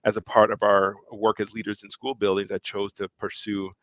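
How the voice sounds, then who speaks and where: A middle-aged man from Milwaukee telling a personal story as a guest, animated and quoting others as he speaks. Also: lowish voice, a little fast, no echo, highs cut off. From Milwaukee, Wisconsin, USA. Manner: animated storyteller, acts out quoted remarks, laughs between phrases. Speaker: guest, education leader and author. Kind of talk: conversational storytelling.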